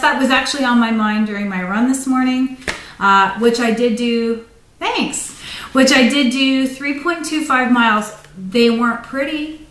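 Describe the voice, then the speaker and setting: Woman, casual livestream pep talk, rambling, higher voice, roomy sound, distant from the mic. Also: fairly bright tone. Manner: rambling, goes off on tangents. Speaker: running and fitness motivator. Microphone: phone livestream.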